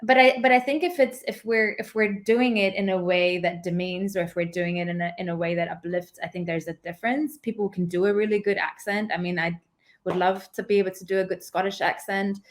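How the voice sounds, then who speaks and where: A woman academic answering questions on a podcast in an everyday middle voice. She reasons her way through each point and fills her pauses with "um". Her delivery is calm and measured. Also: medium pitch. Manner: thoughtful, measured, many "um"s. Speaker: academic guest. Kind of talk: conversational interview.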